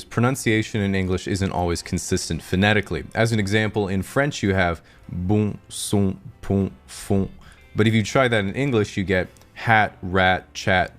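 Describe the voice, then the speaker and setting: Pacific northwest guy, real low voice, dry deadpan comedy narration, soft music under it. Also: brisk. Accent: Pacific Northwest American. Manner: deadpan, dry sarcastic delivery.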